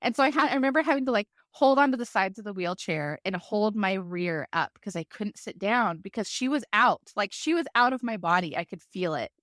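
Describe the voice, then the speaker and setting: A woman guest on a podcast telling a personal story in a lively way, full of "like" fillers. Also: medium pitch, brisk, few pauses, dry recording, clean studio sound. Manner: lively, vivid retelling with many fillers like "like".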